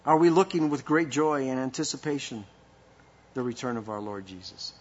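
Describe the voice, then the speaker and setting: A man's voice: medium pitch, expressive, normal speed. Impassioned male preacher, muffled recording. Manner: impassioned, rising and falling delivery with rhetorical questions. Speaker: pastor. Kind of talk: sermon.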